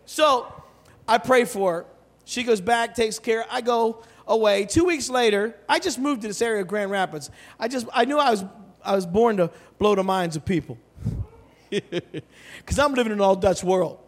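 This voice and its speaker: A male pastor preaching in an animated, joking storytelling way, breaking into shouts and laughter. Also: sits high, normal speed. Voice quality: bald. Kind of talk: humorous storytelling sermon.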